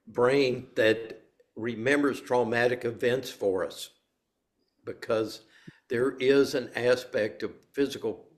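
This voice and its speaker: An older man giving a dharma talk to a meditation group, mixing teaching with stories. He is playful and laughs easily as he tells them, in a voice of ordinary pitch.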